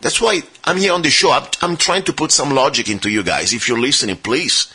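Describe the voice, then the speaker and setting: Guy ranting on talk radio, bright husky voice, keeps asking listeners questions. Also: medium pitch, brisk. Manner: argumentative, rhetorical, addresses listeners directly. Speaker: radio show host.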